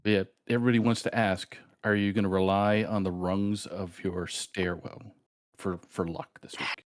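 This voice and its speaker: A man from Canada co-hosting a live-streamed game. He teases the players as he introduces them, and his voice sits somewhat low. The sound is dry and close. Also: level tone, moderate pace, no echo. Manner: jokey, playful. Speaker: co-host.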